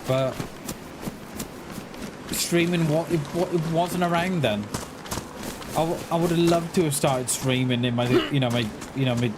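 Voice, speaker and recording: Rambling man in his forties, noisy audio. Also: mid-range voice. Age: 40s. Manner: rambling, halting, with frequent restarts and repeated words; talks back to chat in a friendly, reassuring way. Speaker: gaming livestreamer. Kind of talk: casual livestream chat while playing. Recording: noisy home stream recording.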